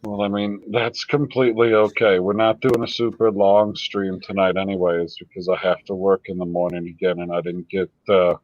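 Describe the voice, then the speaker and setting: A man's voice: low voice, little pitch movement, no room sound, highs cut off. Swearing man hosting a stream. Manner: loose, swearing, quick laughs. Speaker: livestream host. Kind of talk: casual profane chat.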